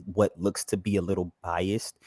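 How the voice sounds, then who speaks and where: Male co-host, low voice, stammers and backs up the host, dry sound. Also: normal speed, no echo. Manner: stammering, excitable, agreeing often. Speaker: co-host music reviewer. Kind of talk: casual live reaction talk.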